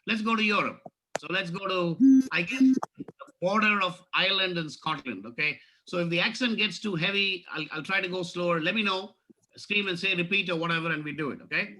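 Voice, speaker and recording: An older man doing stand-up comedy on a video call, telling jokes and putting on comic accents, often clearing his throat. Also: sits high, brisk, sharp tone, a little hiss or hum.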